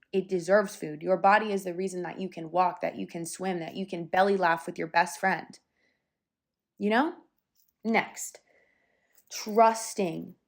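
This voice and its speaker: A young woman talks through her solo podcast in a casual, candid way, full of fillers and the odd swear. She sounds a little out of breath, and her voice sits at an ordinary middle pitch. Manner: chatty and candid, with some swearing and lots of fillers. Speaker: podcast host.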